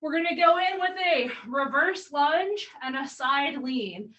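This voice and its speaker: A woman's voice: high voice, lively intonation, unhurried, bright, forceful tone, distant mic, muffled recording. A woman fitness coach leading an online workout class, cueing moves and counting down reps while a little out of breath. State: slightly out of breath. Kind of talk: live online workout instruction.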